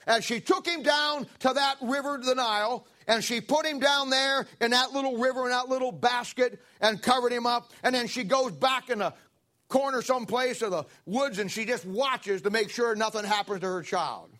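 A man preaching, retelling a Bible story in a folksy, animated way with fillers and asides. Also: very high voice, moderate pace. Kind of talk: sermon storytelling.

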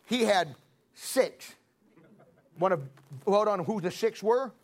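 A middle-aged man preaching a sermon, telling stories in a folksy way and building to forceful emphasis. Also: high voice, expressive, slow pace. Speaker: pastor. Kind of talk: storytelling sermon.

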